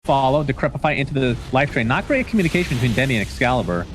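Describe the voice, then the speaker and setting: A man doing play-by-play esports commentary, calling fights quickly and joking with his co-caster. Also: medium pitch, a little hiss or hum. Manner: excitable, joking, quick calls.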